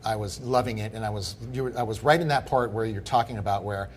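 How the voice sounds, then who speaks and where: A man's voice: lowish voice, fast, slight background noise. A man in his fifties, a guest telling long stories in casual podcast conversation and acting out what people said. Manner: animated storyteller acting out quoted people.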